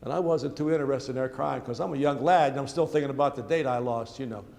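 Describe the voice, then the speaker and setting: A man's voice: medium pitch, quick pace, vocal fry, a little mellow. An older man, a priest, telling a long personal story during a sermon in a folksy, chatty way, with asides to the congregation. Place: church. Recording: church hall reverb with faint ambience.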